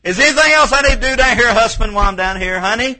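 A man voicing a wife down on her knees, asking her husband if there is anything else to fetch, in a high fast falsetto. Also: expressive, sharp tone, full character voice. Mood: eager.

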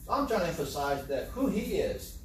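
A man with a slightly high voice delivers a conversational sermon, putting rhetorical questions to his congregation. He sounds a little distant from the mic, and his voice rings through a very echoey room with faint ambience behind it. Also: very animated, fairly quick, slight background noise. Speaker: preacher.

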